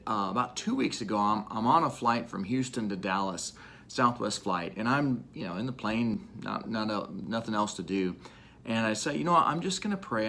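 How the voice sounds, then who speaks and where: A man's voice: on the low side, a little hiss or hum. A man vlogging for a church community, telling a vivid first-person faith story in a casual way.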